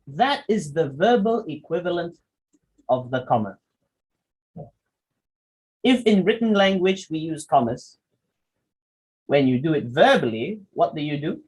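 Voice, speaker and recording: A man's voice: a little high, lively intonation, measured pace, pauses often, darkish tone, slightly rough. A man giving a public speaking workshop, demonstrating with his voice and asking the audience questions. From Malaysia. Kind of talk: workshop lecture.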